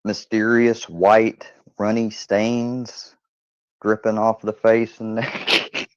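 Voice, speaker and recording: A man's voice: on the low side, little pitch movement, very slow, no room sound. A man hosting his own channel, telling rambling, profane stories in a casual monologue and laughing often. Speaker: channel host. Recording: dull lo-fi dry recording.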